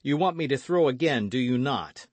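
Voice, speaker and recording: A man's voice: medium pitch, animated, normal speed, dry recording, lightly acted. A man voicing an eager, hot-headed young male swordsman in an audiobook.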